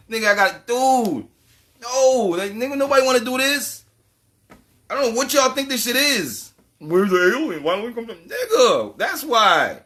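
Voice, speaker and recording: Bright, animated profane ranting man. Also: very high voice, unhurried. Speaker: channel host. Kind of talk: casual monologue.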